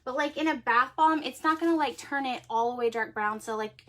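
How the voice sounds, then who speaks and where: A woman's voice: high voice, a little fast. Chatty, rambling woman host. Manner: chatty and rambling, heavy use of "like"; laughs easily and often. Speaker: host of a handmade cosmetics show. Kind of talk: casual livestream demonstration.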